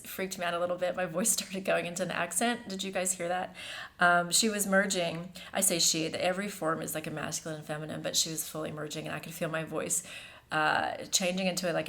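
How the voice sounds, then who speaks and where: A woman hosting a show and leading a guided meditation in a calm, soothing, repetitive manner. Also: fairly low pitch.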